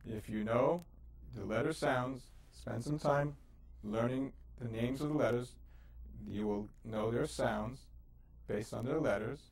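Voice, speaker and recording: A man's voice: mid-range voice, unhurried, a little mellow, breathy edge. A man teaching the Hebrew alphabet as host, patiently sounding out syllables and explaining letters in an easy, casual way with fillers. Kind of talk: educational lesson.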